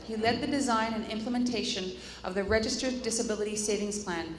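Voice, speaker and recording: A woman moderating a live conference panel, introducing the speakers in a chatty way with joking asides and stumbles over names. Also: medium pitch. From Canada. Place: conference hall. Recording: echoey hall, faint room noise.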